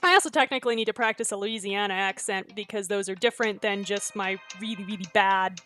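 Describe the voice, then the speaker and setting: A woman's voice: medium pitch, fast talker, bright, forceful tone, faint music behind. A young woman streaming a story game, reading it aloud and chatting in a self-deprecating way. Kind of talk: reading a visual novel aloud while streaming.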